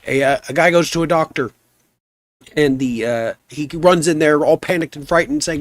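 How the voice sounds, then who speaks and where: A man streaming a game live, chatting in an easygoing, rambling way and reading his chat aloud, with a rough voice. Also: a little high, moderate pace, no room sound. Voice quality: rough, gnarly voice.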